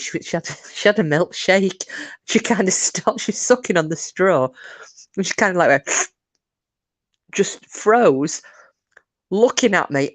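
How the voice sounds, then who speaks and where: A woman's voice: sits low, no room sound. A middle-aged woman, chatting and telling funny stories to viewers on a livestream. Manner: chatty, animated anecdotes with laughs and asides to viewers. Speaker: livestream host. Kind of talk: casual storytelling chat.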